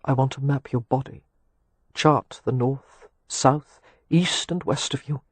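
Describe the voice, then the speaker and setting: Husky teasing gentleman, read by a man. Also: a little slow, no room sound. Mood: ardent. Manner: wry, teasing, low and intimate. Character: teasing, ardent gentleman, wry and seductive. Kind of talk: audiobook dialogue.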